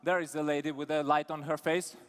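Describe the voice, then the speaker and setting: A man with an Eastern European accent speaks from a conference stage, needling the crowd and picking out people to tease. His voice sits a little high for a man and rings with the long reverb of a big hall. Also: flat delivery, brisk, clean tone. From Lithuania. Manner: teasing, provocative, calls out audience members. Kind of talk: live conference talk.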